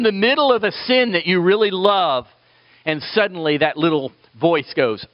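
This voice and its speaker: A man preaching a sermon, swinging between loud emphatic lines and quiet asides, with playful remarks to his listeners. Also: fairly high pitch, moderate pace, no echo, highs cut off. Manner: animated preaching with sudden loud and soft turns, playful asides to the congregation. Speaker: pastor.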